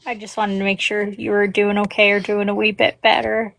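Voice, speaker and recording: A woman, gentle and caring, talking hesitantly on a live call. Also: medium pitch, flat delivery, a little fast, gravelly, no room sound. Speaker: live stream guest. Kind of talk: casual chat.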